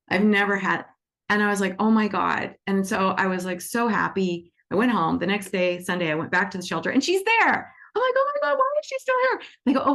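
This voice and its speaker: A woman teaching animal Reiki on a video call, telling lively stories and acting out the voices of the people in them. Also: medium pitch, vocal fry. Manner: animated, acts out quoted voices. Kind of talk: casual storytelling in an online class.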